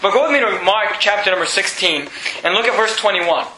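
A man's voice: high voice, a little fast, bright, forceful tone. A man preaching a casual, conversational sermon, paraphrasing scripture and often repeating himself. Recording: echoey room with faint noise.

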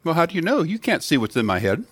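A man's voice: fairly high pitch, big pitch swings, quick pace, slightly rough, dry recording. A man preaching a sermon to children and adults in an earnest teaching tone, putting questions to the children. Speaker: pastor.

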